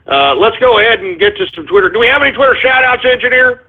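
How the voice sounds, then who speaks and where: A man's voice: very high voice, expressive, quick pace, background noise. A man hosting his own talk radio show, ranting crudely and getting agitated, with constant "you know" and "all right?" asides. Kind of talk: solo talk radio rant with listener shout-outs. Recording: tinny phone-like line.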